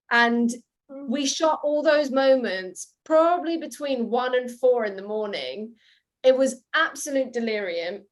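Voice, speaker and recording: A young woman, an actress, telling quick, giggly stories in an interview. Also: on the high side. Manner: giggly, fast storytelling. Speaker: actress guest. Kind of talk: animated interview anecdote.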